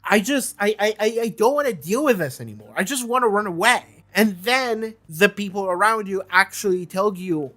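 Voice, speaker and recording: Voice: medium pitch, expressive, moderate pace, few pauses, bright, forceful tone, soft background music. A young adult host talking through a TV season in a rambling, casual review, repeating words and filling with "like".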